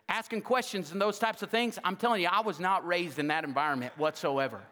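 A man's voice: high voice, fairly quick, in a large hall. A man preaching a humorous sermon as pastor, joking and acting out quoted dialogue. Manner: jokey, animated, acts out quoted dialogue. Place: church sanctuary.

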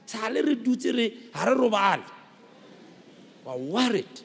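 A South African male pastor with a very high, husky, gravelly voice preaches a fervent sermon. His pitch leaps and swoops as he shouts key lines and calls for answers. The hall rings with long reverb around him. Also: very animated, moderate pace. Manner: fervent preaching with shouted emphasis and call-and-response.

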